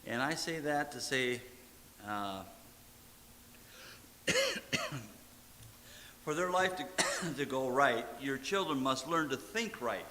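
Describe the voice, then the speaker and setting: A man's voice: medium pitch, lively intonation, slow pace, pauses often, pushed and bright, big-room sound. Man, pastor, folksy sermon, repeats short commands, faint hiss. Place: church sanctuary.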